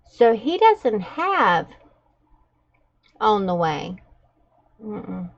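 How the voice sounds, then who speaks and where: A woman hosting a journaling livestream from home, chatting in a relaxed, gossipy way and laughing between stories. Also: mid-range voice, very slow, highs cut off. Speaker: journaling vlogger, livestream host. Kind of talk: casual gossipy chat while journaling. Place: at home with her dogs nearby.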